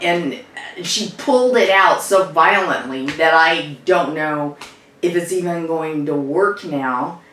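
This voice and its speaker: Woman playing a slow, low-voiced social worker. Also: a bit bright, full character voice. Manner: rambling, conversational storytelling with fillers. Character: adult woman social worker recounting a family row. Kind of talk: improvised dramatic monologue. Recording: echoey room, distant mic.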